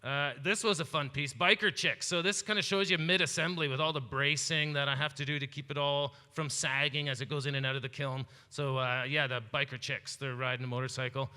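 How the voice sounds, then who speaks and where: A man's voice: mid-range voice, fairly even intonation, brisk, hardly any pauses, sharp tone. A man from Canada giving a rambling, jokey talk about his glasswork, full of fillers. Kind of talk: casual comedic slideshow talk. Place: festival presentation hall. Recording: long hall reverb.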